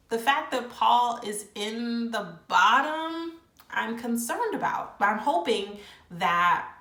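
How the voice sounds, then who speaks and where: A woman giving a casual, opinionated recap of a reality show episode, chatty and animated, with plenty of fillers. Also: medium pitch. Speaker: reality TV reviewer. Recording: echoey room.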